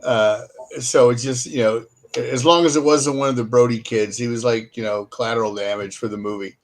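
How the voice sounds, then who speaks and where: Brief: relaxed male podcast co-host, mid-pitched voice, agreeable and unhurried. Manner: easygoing, agreeable, halting with fillers. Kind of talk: casual chat.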